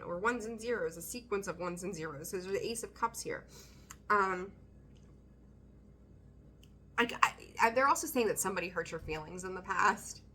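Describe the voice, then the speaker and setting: A woman's voice: lowish voice, sharp tone, slight background noise. A woman doing a casual tarot reading, talking bluntly, swearing freely and laughing often. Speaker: tarot reader.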